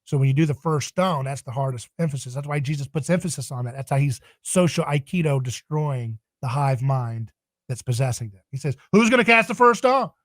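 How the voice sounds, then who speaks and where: A man's voice: mid-range voice, fairly quick, darkish tone, no room sound. A man speaking as a podcast guest in a passionate, emphatic, preaching tone. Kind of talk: podcast interview.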